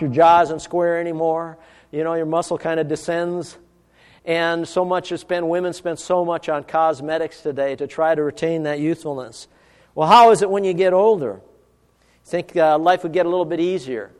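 A man's voice: darkish tone, long reverb tail. Earnest middle-aged male pastor preaching. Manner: earnest, rises in pitch and slows for emphasis when reading scripture. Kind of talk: sermon.

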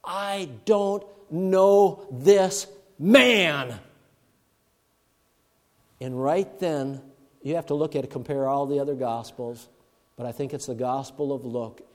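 A male preacher giving a sermon, swinging from loud emphatic bursts to hushed murmurs. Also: mid-range voice, fairly even intonation, moderate pace. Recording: long reverb of a large hall.

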